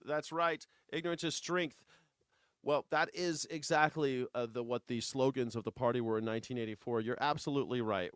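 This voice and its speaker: A man hosting a live news reaction show, profane and mocking, at times slipping into a soft taunting croon. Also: medium pitch, fairly quick, smooth, no echo, clean studio sound. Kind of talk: live political commentary.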